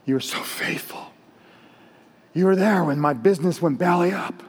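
A man's voice: high-pitched, moderate pace, husky. A man voicing, in a joke, a husband just out of a coma who earnestly lists things to his wife.

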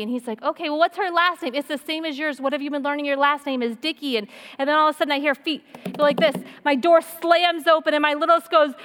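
A woman's voice: high voice, a bit bright. A woman in her thirties giving a sermon, earnest and personal, telling stories and repeating her points. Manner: earnest, personal storytelling with repetition. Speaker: women's speaker. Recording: long reverb of a hall.

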